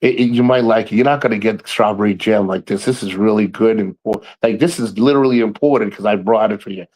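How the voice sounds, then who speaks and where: A man doing a calm, friendly buddy with a gift. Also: fairly low pitch, fast, pitched below the performer's own voice, close to an everyday voice, rough recording. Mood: reassuring.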